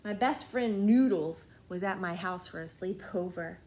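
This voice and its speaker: A female librarian reads a bedtime story aloud to children in a lowish voice at a normal pace. She is playful and gentle, frequently sinking into soft, hushed tones.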